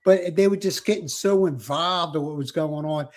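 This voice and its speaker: A man chats casually on a livestream, his voice sitting a little high. He talks in an animated way, repeats phrases and laughs often as he answers viewers. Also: normal speed. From South Philadelphia. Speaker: livestream host. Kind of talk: casual live chat with viewers.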